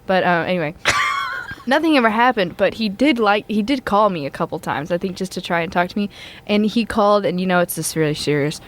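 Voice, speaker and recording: Young woman student co-host, lively rambling storyteller, casual chat. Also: mid-range voice, a little fast. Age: young adult. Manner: rambling storyteller, laughs a lot.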